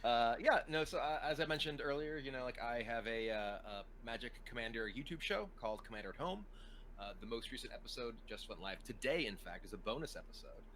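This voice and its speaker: A man's voice: mid-range voice, animated, brisk, a bit bright, a little hiss or hum, low-quality recording. A man from the United States talking as a podcast guest in a rambling way, full of "like" and restarts. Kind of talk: casual chat.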